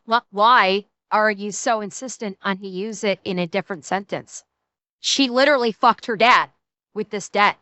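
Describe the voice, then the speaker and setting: A woman streamer reacting to a video, excitable and rambling, swearing freely and correcting herself often. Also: mid-range voice, clear, resonant tone, no echo. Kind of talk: casual reaction commentary.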